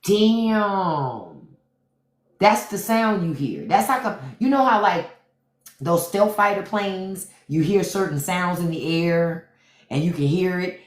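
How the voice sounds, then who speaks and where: A woman hosting a livestream, talking back to the chat with profane, mocking commentary. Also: lowish voice. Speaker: podcast host on a livestream. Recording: roomy echo.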